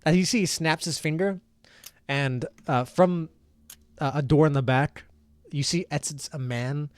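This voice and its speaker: A man's voice: fairly high pitch, unhurried, clear, resonant tone, no echo. Casual male game master, dry sound. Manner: casual, rambling, many fillers. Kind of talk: narrating a tabletop game.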